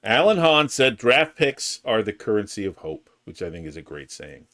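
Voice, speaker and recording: A man's voice: fairly low pitch, big pitch swings, a bit bright. A man co-hosting a sports podcast in casual chat, building his points step by step. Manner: measured, builds points in lists. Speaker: podcast co-host.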